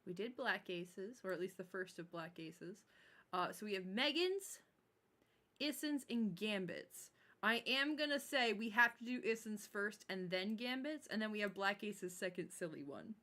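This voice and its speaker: A woman's voice: mid-range voice, expressive, moderate pace, pushed and bright. A woman in the middle of her range hosts a casual livestream. She chats with her viewers and a co-host, swears lightly and laughs easily.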